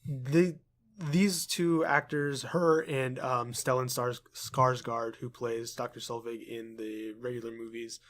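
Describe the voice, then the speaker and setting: A young man co-hosting a podcast, talking in a relaxed, hesitant way full of ums. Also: mid-range voice, takes it slowly. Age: young adult. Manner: laid-back, hesitant with many ums. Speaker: podcast co-host. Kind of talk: casual chat.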